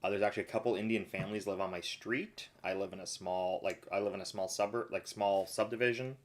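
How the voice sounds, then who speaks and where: Middle-aged man, lowish voice, casual live-stream chef telling anecdotes. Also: steady tone, quick pace. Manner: rambling storyteller, acts out quoted voices.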